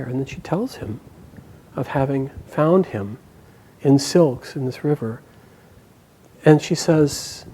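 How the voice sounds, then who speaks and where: A man telling an epic story aloud, narrating expressively with frequent pauses and small restarts. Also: mid-range voice, dark tone, slightly rough, poor audio.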